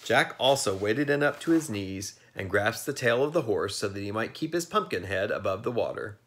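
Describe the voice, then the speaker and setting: A man reading a children's story aloud in a lowish voice. His reading is lively and expressive, with a lot of pitch movement. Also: moderate pace. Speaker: narrator.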